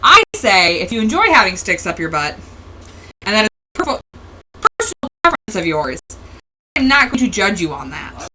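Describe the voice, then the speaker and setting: A woman's voice: mid-range voice, sing-song, moderate pace, background noise. A woman hosting a casual livestream, rambling through tangents and laughing often. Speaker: host.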